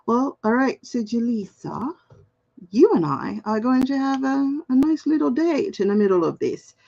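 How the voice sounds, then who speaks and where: A woman's voice: on the high side, lively intonation, normal speed, gravelly, dark tone, highs cut off. A woman in her forties hosting a casual tarot live stream, chatty and playful, reading chat comments aloud and laughing often. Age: 40s. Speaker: tarot card reader, livestream host.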